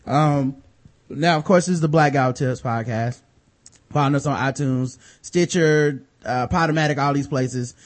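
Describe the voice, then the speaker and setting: A man's voice: medium pitch, unhurried. A man hosting a podcast in casual chat, reading sponsor spots in a loose, jokey, profane way with lots of fillers. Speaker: podcast host.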